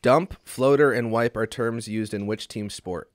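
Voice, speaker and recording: A man co-hosting a casual trivia game who gets excitable, protests loudly and swears a lot. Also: mid-range voice, unhurried, no room sound, studio quality. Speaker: co-host.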